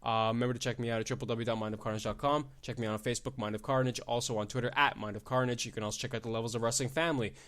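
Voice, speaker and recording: A young man hosts his own podcast alone, ranting in a loose, profane way. He jumps from loud, excited outbursts to low mumbling asides and keeps laughing at his own jokes. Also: rapid-fire, few pauses. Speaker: podcast host. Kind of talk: casual solo podcast rant.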